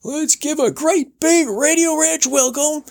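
A man doing a booming high cowboy radio host. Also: unhurried, creaky, full character voice. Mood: cheery showman. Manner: high, booming, over-the-top enthusiasm. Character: loud cheery male cowboy radio host.

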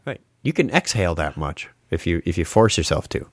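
A man's voice: low voice, sing-song, a little fast, dry recording, studio quality. A man hosting a podcast in casual chat, joking and ranting. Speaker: podcast host.

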